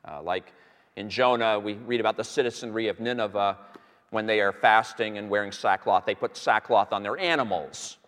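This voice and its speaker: A man teaching on a Bible passage to a live audience, telling it as an animated story with many fillers and restarts. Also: fairly low pitch, moderate pace. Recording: long hall reverb.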